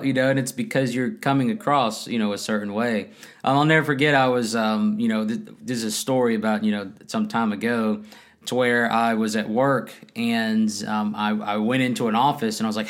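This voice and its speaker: A man in his thirties co-hosting a casual faith-based marriage talk at home, animated and laughing often as he acts out quotes. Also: mid-range voice, a little fast. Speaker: podcast co-host. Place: home room, kids nearby.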